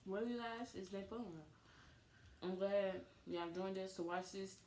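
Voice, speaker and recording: Animated woman in a roomy echo. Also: mid-range voice, a little slow. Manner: animated storytelling, laughs often. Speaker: co-host of couple channel. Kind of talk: casual couple chat. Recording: echoey room with faint noise.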